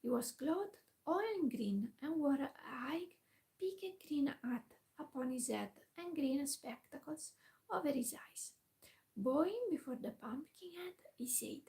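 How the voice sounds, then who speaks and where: A woman in a whispered role-play, reading a classic storybook aloud softly with quiet asides. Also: sits high, animated, unhurried, low-quality recording.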